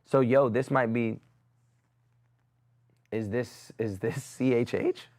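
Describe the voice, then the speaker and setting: A man's voice: mid-range voice, fairly even intonation, slow, darkish tone. A man hosting a live music review stream, giving blunt, casual critiques in slang and talking to his chat. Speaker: music review livestream host.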